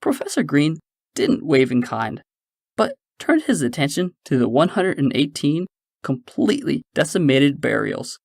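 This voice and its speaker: A man narrating a science-fiction audiobook in a measured storytelling manner. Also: on the high side, sing-song, gravelly, no room sound, studio quality. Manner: measured storytelling, shifting into character voices.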